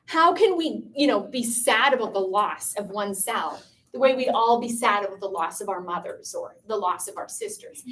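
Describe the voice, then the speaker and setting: A woman from Canada giving a lecture to a student audience, chatty and lively, often asking the listeners questions. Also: mid-range voice, moderate pace. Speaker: pro-life speaker. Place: room with a piano and a live audience.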